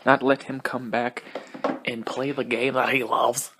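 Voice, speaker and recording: A man's voice: medium pitch, level tone, background noise. Profane, rambling young man hosting a podcast. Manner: profane, rambling, laughs often, talks fast. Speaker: podcast host. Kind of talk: casual solo podcast rant.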